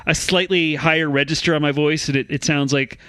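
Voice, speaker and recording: A man's voice: on the high side, steady tone, a little fast, pushed and bright, no echo, low-quality recording. A man co-hosting a comedic news podcast, reading stories and hesitating self-consciously between laughs.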